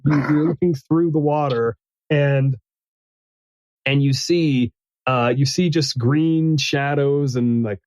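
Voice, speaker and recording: Halting man narrating a tabletop game. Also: a little high, a little mellow, dry recording, poor audio. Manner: halting, full of restarts and fillers. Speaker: game master.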